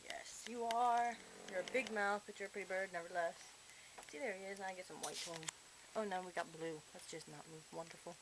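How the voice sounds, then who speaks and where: A woman's voice: on the low side, fairly even intonation, fast talker, a bit bright. A woman filming her pet bird at home, coaxing and teasing it in a playful, casual way. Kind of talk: casual talk to a pet on camera. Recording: noisy home camcorder audio.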